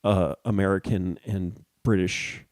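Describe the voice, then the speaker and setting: A man's voice: sits low, fairly even intonation, measured pace, darkish tone, no room sound. A man co-hosting a podcast in casual chat, rambling and restarting as he searches for words. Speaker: podcast co-host.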